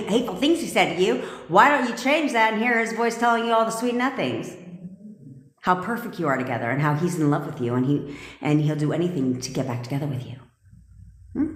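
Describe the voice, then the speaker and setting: Brief: a lower-voiced woman coach, blunt and profane, streaming live from a reverberant room. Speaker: manifestation coach. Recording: echoey room with long reverb.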